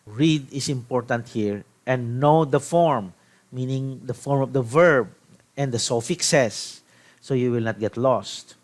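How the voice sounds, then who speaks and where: A middle-aged Filipino-accented man gives a recorded language lecture at a very unhurried pace. His voice sits at an ordinary pitch for a man. He stops often to restart a phrase as he explains. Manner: slow, halting explanations with many restarts. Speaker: teacher of biblical Hebrew.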